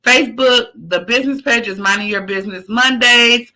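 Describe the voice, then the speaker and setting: A woman's voice: a little high, normal speed, sharp tone, poor audio. A woman podcast host closing her show with a fired-up motivational speech. She repeats each point over and over, preaches encouragement, and keeps the talk casual and slangy. Now and then she drops a curse word. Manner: emphatic, repetitive, preachy encouragement; casual, slangy, occasionally profane.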